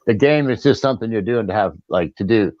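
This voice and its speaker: A man's voice: fairly low pitch, fast, darkish tone, dry recording, dull audio. A man chatting casually in a laid-back way. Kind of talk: casual chat.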